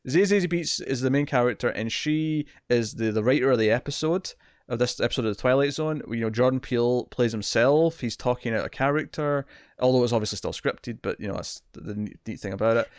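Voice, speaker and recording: A British man talks through a television episode on a review podcast in a loose, rambling way, often doubling his words as he recaps. His voice sits at an ordinary pitch, and the room around him is dry and close. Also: brisk, clear, resonant tone, no echo. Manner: rambling, repeats words, acts out scenes in quotes. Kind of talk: casual review chat.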